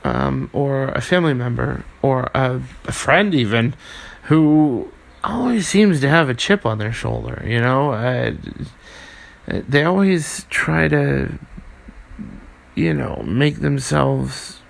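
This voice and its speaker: A young man hosting his own podcast, talking earnestly and haltingly with many restarts and fillers, swearing now and then. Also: mid-range voice, animated, gravelly. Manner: swears casually. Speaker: podcast host. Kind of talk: casual solo podcast monologue.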